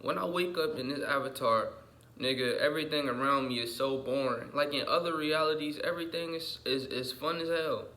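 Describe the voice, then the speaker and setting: A young man vlogging just after waking, his voice rough with morning, rambling in slang with restarts and repeated "you feel me?" asides. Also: fairly high pitch, brisk, sharp tone. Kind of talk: casual rambling monologue. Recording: echoey room.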